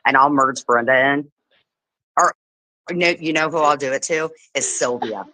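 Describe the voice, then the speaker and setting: Bright-voiced woman host telling stories. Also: very deep voice, normal speed, no room sound, poor audio. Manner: animated storyteller, swears, mimics callers. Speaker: livestream host. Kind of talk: casual chat.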